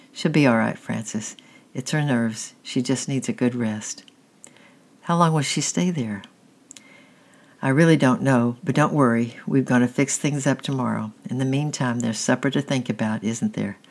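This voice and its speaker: A worn-out storybook father, short and clipped with his son, pressed for time and holding his temper only just, as the narrator puts him on. His words come in quick, blunt bursts. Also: mid-range voice, gravelly. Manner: brusque and clipped. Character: harried father, stern and impatient.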